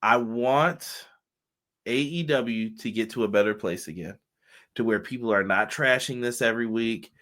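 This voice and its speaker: A man's voice: medium pitch, moderate pace, a bit bright. A male co-host, chatting casually and animatedly on a live wrestling stream, often exclaiming and swearing.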